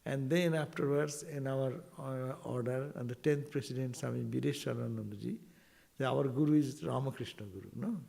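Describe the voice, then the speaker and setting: Gravelly-voiced man. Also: mid-range voice. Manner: animated, rhetorical asides, quotes Sanskrit verses. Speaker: monk giving a spiritual talk. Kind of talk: informal spiritual teaching to devotees.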